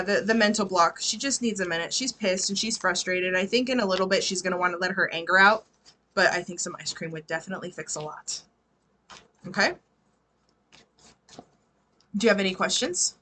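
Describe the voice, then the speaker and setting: Bright-voiced woman reading tarot. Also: mid-range voice, moderate pace, pauses often, a little hiss or hum. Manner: chatty, swears freely, laughs often. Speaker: tarot reader. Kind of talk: casual live tarot reading.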